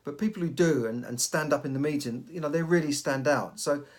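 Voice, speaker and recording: A man's voice: on the high side, fairly quick. Chatty middle-aged man, stumbling restarts. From United Kingdom. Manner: repeats and restarts words often. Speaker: podcast host. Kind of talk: casual advice monologue.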